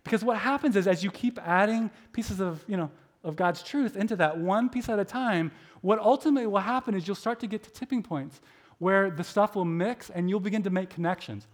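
A man with a high voice, middle-aged, gives a sermon that sounds like a friendly chat. He is self-deprecating and fills his talk with little likes. He acts out his own inner voice as he tells his stories. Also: a little fast. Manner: chatty, self-deprecating, many filler likes; animated storytelling with acted inner voices. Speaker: preacher. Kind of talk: conversational sermon.

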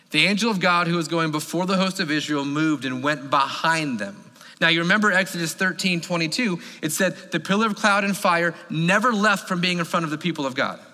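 A man preaching a sermon as pastor, emphatic and animated. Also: fairly high pitch. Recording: long reverb of a large hall.

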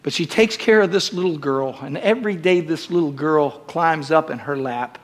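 A man preaching a sermon as pastor, calling out to the congregation and building to shouted climaxes in a church. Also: fairly high pitch, moderate pace. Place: church sanctuary.

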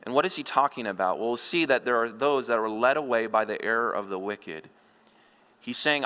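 In a sanctuary where his voice rings out with long reverberation, a middle-aged male pastor gives an expository sermon. His mid-range delivery is bright and forceful, sprinkled with homespun humor and rhetorical questions.

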